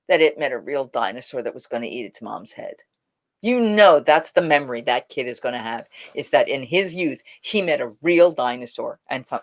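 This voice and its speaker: A woman hosting a casual live chat, telling stories in an animated way and acting out quotes. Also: deep voice. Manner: animated, laughing storyteller who acts out quotes. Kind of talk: casual live-stream storytelling.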